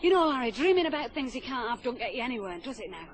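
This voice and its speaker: A woman's voice: fairly high pitch, very animated, quick pace, slight background noise. An actress playing a fiery, devoted young working-class woman with a Lancashire accent in a stage-style radio drama. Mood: hopeful. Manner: earnest, emotional.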